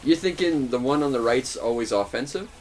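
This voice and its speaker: A man's voice: mid-range voice, expressive, a little fast, a little hiss or hum. A young man hosting a casual gaming video, rambling and laughing often. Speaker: let's play host.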